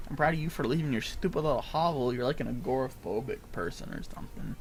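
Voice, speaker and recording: A man's voice: medium pitch, fast talker, hardly any pauses, slight background noise. A man streaming a game, giving rambling, self-mocking commentary with a strained, tired voice. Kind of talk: casual gameplay commentary.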